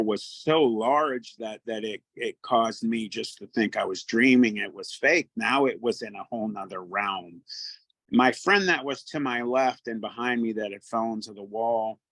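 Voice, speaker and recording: A man casually telling a first-person encounter story in a halting way, often repeating his words. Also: fairly low pitch, vocal fry, a bit bright, dry recording, poor audio.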